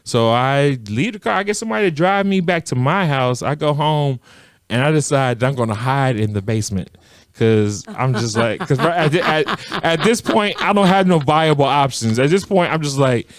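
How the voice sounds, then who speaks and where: A man's voice: on the high side, normal speed, no echo, clean studio sound. A man co-hosting a podcast, telling a story in a casual chat, laughing often and acting out what others said. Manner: animated storyteller, laughs often, acts out quotes. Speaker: podcast co-host.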